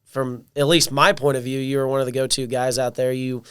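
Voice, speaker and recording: A young man hosting a casual interview, relaxed and laughing easily as he retells things. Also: mid-range voice, fairly quick, clear, resonant tone, no room sound, clean studio sound. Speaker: podcast host.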